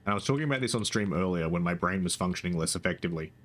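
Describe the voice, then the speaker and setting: A man's voice: low voice, expressive, racing, a bit bright. A young man streaming live, chatting casually and rambling with frequent restarts and casual swearing.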